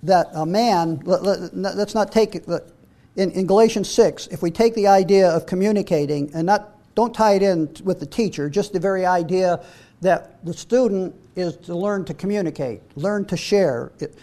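Middle-aged male preacher, high voice, reads scripture, halting restarts. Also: warm tone. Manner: repeats words when restarting, reads scripture aloud. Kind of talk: sermon.

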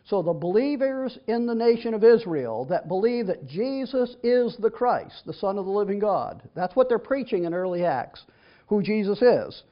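A man's voice: high-pitched, big pitch swings, moderate pace. A man teaching from the Bible, reading verses aloud and then explaining them in a chatty, conversational way. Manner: reads scripture then explains it in a casual, chatty way with restarts. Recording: dull lo-fi recording.

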